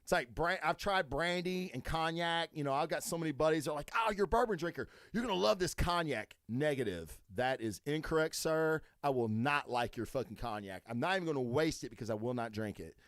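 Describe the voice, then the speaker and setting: A man's voice: on the high side, brisk, few pauses, a bit bright, dry recording, clean studio sound. A man with a Southern US accent, hosting a podcast as casual chat, rambling and swearing a lot with crude jokes. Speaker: podcast host.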